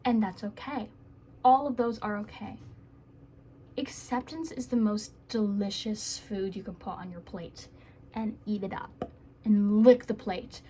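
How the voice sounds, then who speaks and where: A woman's voice: medium pitch, fairly even intonation, a little slow, warm tone. A woman giving earnest, rambling self-help advice to camera in a casual vlog, with playful asides.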